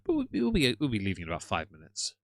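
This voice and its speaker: A man's voice: lowish voice, wildly swooping pitch, quick pace, a little hiss or hum. A man streaming live, commenting on another streamer's content in a sarcastic, lecturing tone, and tired.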